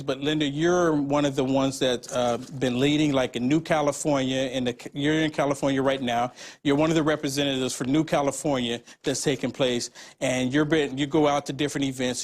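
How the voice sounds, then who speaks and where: A man hosting an interview, asking long rambling questions with many halting restarts. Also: mid-range voice. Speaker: interviewer host.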